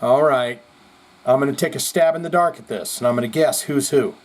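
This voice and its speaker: A male podcast host reading viewer comments in casual, rambling commentary, animated and profane, jumping between loud outbursts and mutters. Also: mid-range voice, fairly quick. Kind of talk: casual live-chat commentary.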